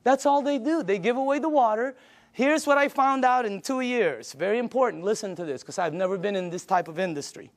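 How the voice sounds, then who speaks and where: An older man with a high voice delivering an emphatic sales pitch. He presses each point and acts out conversations with friends as he goes. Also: expressive, a little fast. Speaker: business presenter. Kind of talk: sales presentation.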